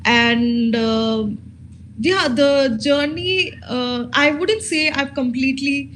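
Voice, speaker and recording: A woman in her thirties from India, candidly telling her own story as a panel speaker, halting often with fillers and restarts. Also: high-pitched, fairly bright tone, slight background noise, rough recording. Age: 30s. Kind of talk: personal testimony at a conference.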